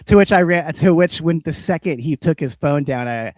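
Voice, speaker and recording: A man's voice: on the high side, animated, moderate pace, a little mellow, no room sound. Ranting, foul-mouthed male podcast host. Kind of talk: profane comedic rant.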